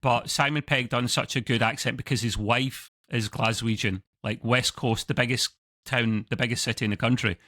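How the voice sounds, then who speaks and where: A man's voice: mid-range voice, steady tone, moderate pace, sharp tone, no echo. A man with a Scottish accent, co-hosting a casual review chat over a video call, rambling and correcting himself as he goes. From Scotland. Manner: rambling, self-correcting, chuckling asides. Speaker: co-host of a TV review show.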